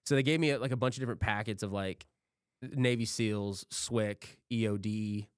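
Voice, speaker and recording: A man's voice: on the low side, normal speed, clean tone, no echo, studio quality. A man hosting a podcast, telling a rambling story in casual chat, swearing freely and acting out what others said. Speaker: podcast host.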